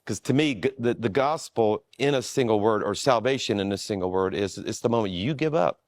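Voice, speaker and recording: Dry, low-voiced pastor telling a story. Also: male voice, brisk, dry recording. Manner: relaxed, self-deprecating, with frequent restarts. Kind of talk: storytelling in a conversation.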